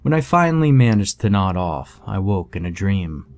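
A man narrating a scripted horror story in a measured, somber way. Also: low-pitched, very animated.

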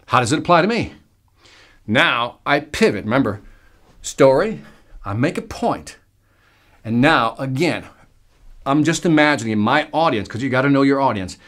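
A man teaching a sales lesson, energetic and emphatic, acting out the lines he uses from the stage. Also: fairly high pitch. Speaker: sales trainer.

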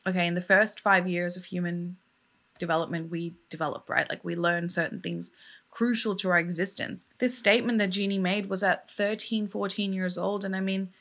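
A woman's voice: medium pitch, a bit bright. Indignant, emotional woman vlogger. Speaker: true crime vlogger. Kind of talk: casual storytelling vlog.

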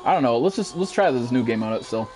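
A man's voice: medium pitch, fast, faint music behind. A young American man streaming a shooter game, cursing constantly, ranting and reading out viewers' chat messages. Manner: profane, excitable, reads chat aloud. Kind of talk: live gameplay commentary.

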